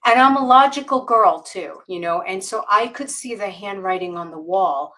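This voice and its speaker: A woman's voice: mid-range voice, expressive, bright, forceful tone. Candid woman telling a personal story. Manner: candid, halting, many fillers and restarts, laughs while telling. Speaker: guest author. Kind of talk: podcast interview, personal storytelling.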